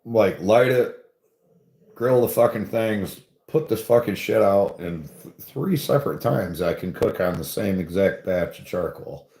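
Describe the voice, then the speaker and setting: A man's voice: deep voice, lively intonation, measured pace, a little mellow. A man telling a rambling, profane story in casual chat, laughing often and swearing freely. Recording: roomy echo.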